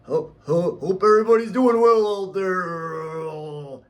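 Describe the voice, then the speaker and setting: A man's voice: medium pitch, extremely slow, warm tone, recorded from a distance. A man putting on the voice of a corny, showy young male online influencer, in a mocking, exaggerated greeting.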